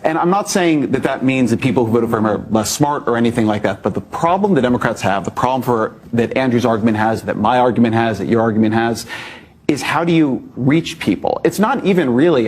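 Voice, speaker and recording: Husky-voiced man arguing a point. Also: mid-range voice, a little mellow. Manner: thoughtful, restarts to make a point. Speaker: talk show guest. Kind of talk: conversational panel discussion.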